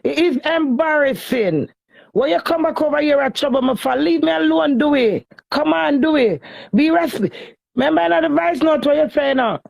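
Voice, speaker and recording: A woman's voice: high-pitched, normal speed, vocal fry, a little mellow, no room sound, low-quality recording. A woman with a Jamaican Patois accent, venting in an emotional social media rant, pleading and repetitive as she swings between cussing and begging.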